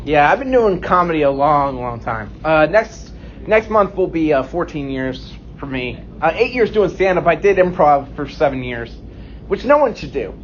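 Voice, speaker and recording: A man in his late twenties doing a self-deprecating stand-up set with deadpan punchlines on a comedy club stage. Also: on the high side, normal speed, a little hiss or hum. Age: 20s. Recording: dull lo-fi recording.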